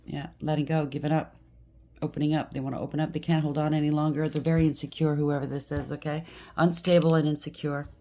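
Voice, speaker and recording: Low-voiced blunt tarot reader woman. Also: level tone, fast talker, warm tone. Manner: blunt, heated, talks to the listener with frequent "okay?". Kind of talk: casual tarot reading.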